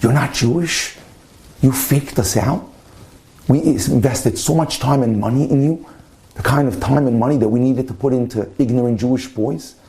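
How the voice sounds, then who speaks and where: A man voicing a stern, unforgiving older male yeshiva dean in a told story, scolding and indignant in a warm, mellow voice. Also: medium pitch, normal speed, lightly acted.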